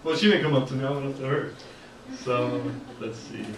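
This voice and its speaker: A man's voice: mid-range voice, brisk, a bit bright. A man doing a stand-up comedy set at an open mic, chatty and self-deprecating, with lots of uhs and ums. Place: art gallery open mic night. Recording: echoey room recorded from far off, noisy. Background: audience ambience and laughter.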